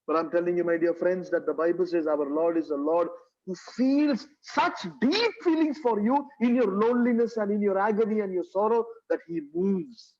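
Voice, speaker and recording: A man's voice: high-pitched, lively intonation, moderate pace, darkish tone. A man with a Kerala English accent preaching a sermon, earnest and repetitive, with rhetorical tag questions, in a church. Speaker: pastor. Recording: dull lo-fi recording.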